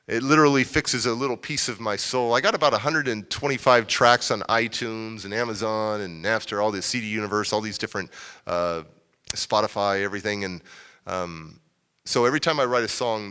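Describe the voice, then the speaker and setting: This man's voice is medium-pitched, sharp and smooth. He's a motivational speaker sharing a confessional story from his own life with a live crowd in a civic center event hall, performing the voices of the people he quotes.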